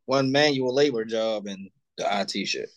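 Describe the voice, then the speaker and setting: A man's voice: fairly low pitch, normal speed. A man on a podcast, telling stories in a laid-back, profane, casual way. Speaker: podcast co-host. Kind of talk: casual chat.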